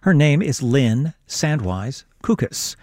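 A man's voice: very animated, slow pace, a little mellow, dry recording. A male radio host earnestly urging listeners to become members during a pledge drive. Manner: earnest, persuasive fundraising pitch. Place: radio studio.

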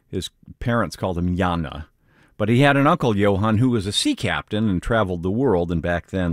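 A man's voice: low-pitched, no echo, clean studio sound. A man presenting music on the radio with wry, chatty asides.

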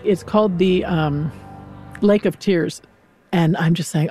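Brief: woman opera singer as interview guest, lively storyteller, faint music behind. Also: lowish voice, unhurried, long pauses, husky, no echo. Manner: animated, acts out characters' lines while retelling. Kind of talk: conversational interview.

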